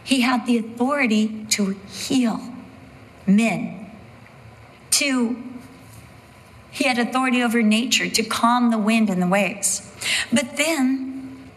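A woman preaching a sermon slowly and emphatically, with dramatic pauses. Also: on the high side, in a large hall, poor audio.

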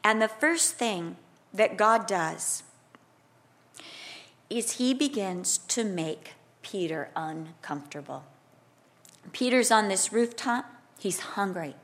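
A middle-aged woman preaching a sermon, switching between scripture teaching and a lively personal story, acting out quotes loudly. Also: medium pitch, takes it slowly.

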